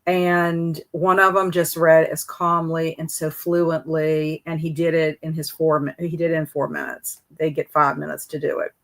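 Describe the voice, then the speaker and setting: Woman, middle-aged, low-pitched, chatty livestream host telling teacher stories. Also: little pitch movement, moderate pace, creaky, few pauses. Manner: chatty, reads out viewer comments. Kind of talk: casual livestream chat.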